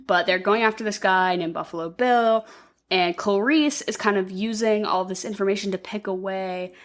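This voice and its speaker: A woman co-hosting a podcast, recapping a movie in a rambling, profane way and acting out the characters' lines in quick put-on voices. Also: mid-range voice, fairly even intonation. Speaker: podcast co-host. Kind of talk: casual movie recap chat.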